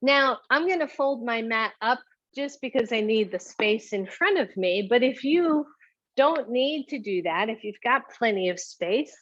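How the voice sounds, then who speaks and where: A woman's voice: fairly high pitch, expressive, a little slow, a bit bright, lo-fi sound. A woman teaching a home yoga class, giving encouraging cues with a chatty manner and frequent light laughs.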